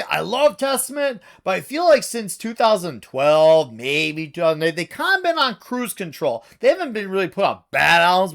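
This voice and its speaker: Excitable man gushing over metal albums. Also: high-pitched. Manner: excitable and gushing, with outbursts and casual swearing. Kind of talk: casual vlog review.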